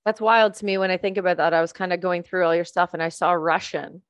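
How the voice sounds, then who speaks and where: A woman's voice: on the low side, fairly even intonation, quick pace, smooth, no room sound, lo-fi sound. A woman hosting a podcast, interviewing a guest in an enthusiastic, conversational way. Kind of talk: casual interview.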